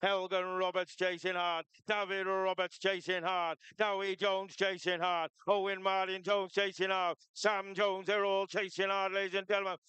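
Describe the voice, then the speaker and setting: A man giving brisk, rapid-fire live commentary on a shearing competition, cheering competitors on. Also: high voice, flat delivery, pushed and bright, clear, resonant tone, dry recording. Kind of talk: live sports commentary over a PA.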